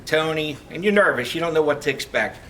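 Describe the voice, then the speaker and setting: A middle-aged man giving a heartfelt farewell speech as a retiring police lieutenant, telling stories with halting restarts. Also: a little high, animated, a bit bright. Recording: distant mic, faint background noise.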